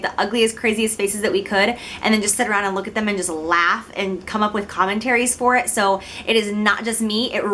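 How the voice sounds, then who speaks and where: A young woman in her twenties from Illinois speaks to the camera as a beauty vlogger, her medium-pitched voice pushed and bright. Slight background noise is present as she chats casually, giggles, and makes fun of herself.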